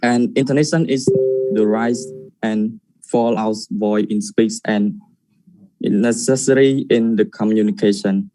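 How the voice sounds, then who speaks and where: A man with a low, mellow voice presents his section hesitantly, searching for his words. The sound is dry and close, with no room echo, and his voice sits below average pitch. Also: steady tone, a little slow. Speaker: student presenter. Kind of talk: class presentation.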